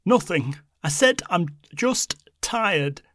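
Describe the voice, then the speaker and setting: A man voicing a frightened, stubborn old grandmother who speaks slowly in halting, trembling pleas. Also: a little high, gravelly, slight background noise, voice pushed up. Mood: distressed. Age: older.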